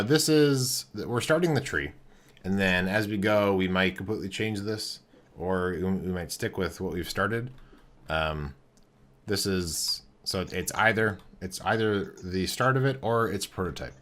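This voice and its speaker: A man thinking aloud in casual commentary as he builds in a game. He talks in a relaxed, halting way, full of fillers and restarts. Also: deep voice. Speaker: game streamer.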